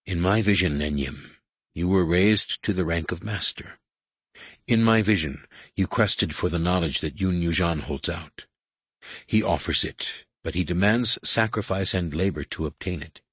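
A man reading an audiobook and voicing a majestic, menacing alien overlord who speaks in a hushed, whispered rumble, slow and commanding. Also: slightly rough, no room sound, full character voice. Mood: solemn chanting.

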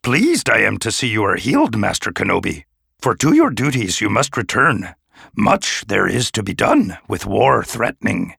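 A man putting on an ancient little alien master, stern but with a dry gentleness, who twists his sentences backwards and hums as he weighs each word. The voice is low and gravelly, close and dry, like a storybook reading. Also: very animated, moderate pace, dry recording, full character voice. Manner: inverted word order, thoughtful hums. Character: ancient small male alien sage, stern yet dryly gentle.

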